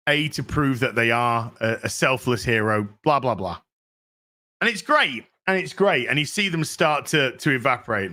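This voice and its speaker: Male podcast host, bright tone, loose excited movie recap, profane and filler-heavy. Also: mid-range voice. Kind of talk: casual movie recap chat.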